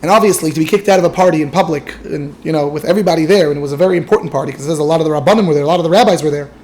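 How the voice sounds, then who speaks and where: A man's voice: on the high side, rapid-fire, darkish tone. Man retelling a story with many fillers. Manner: casual, lots of fillers and restarts. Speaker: Torah teacher.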